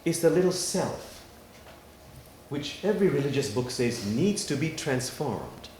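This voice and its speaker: A man, an imam, giving a sermon in a worship hall and telling parables with dramatic pauses. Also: mid-range voice, slight background noise. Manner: animated storytelling with dramatic pauses. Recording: echoey hall, faint ambience.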